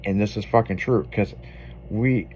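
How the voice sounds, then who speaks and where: A man's voice: lowish voice, moderate pace, darkish tone, a little hiss or hum. A man hosting an afternoon radio show, telling loose, profane stories in casual banter. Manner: loose, profane storytelling with laughs. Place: radio studio.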